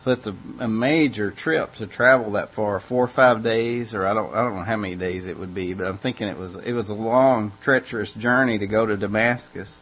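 A man's voice: on the low side, brisk, few pauses, husky. A man preaching in a casual, conversational way, often repeating and restarting phrases as he explains. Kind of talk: conversational Bible teaching. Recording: dull lo-fi recording.

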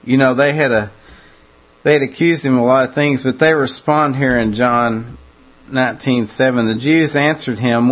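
A man's voice: medium pitch, fairly even intonation, normal speed, lo-fi sound. A man preaching a conversational sermon that walks through a scripture passage, often repeating words as he restarts his phrases.

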